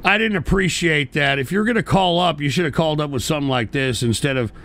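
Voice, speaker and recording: A man hosting a call-in radio stream, profane and prone to shouting outbursts. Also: fairly high pitch, fast. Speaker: call-in show host.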